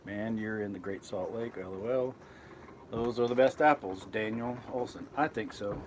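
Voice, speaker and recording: Speaking at a moderate pace in a fairly low pitch, this man hosts a casual live stream from inside his boat. He reads out viewer comments as a vlogger, rambling loosely and correcting himself, over a little hiss or hum.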